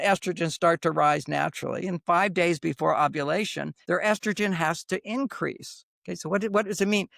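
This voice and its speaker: A man's voice: a little high, creaky, fairly bright tone, dry recording, clean studio sound. An older man speaking as a podcast guest, giving relationship advice in an emphatic, rambling way and repeating his points for emphasis. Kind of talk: conversational advice monologue.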